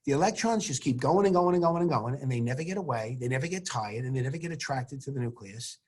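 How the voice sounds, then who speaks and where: A man teaching a science class over a video call, animated and theatrical, full of rhetorical questions. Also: mid-range voice, fast talker, husky.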